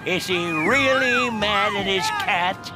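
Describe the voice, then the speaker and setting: Puzzled cartoon guy on the street, high voice, slow, music under it. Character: curious male passerby. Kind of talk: cartoon voice acting.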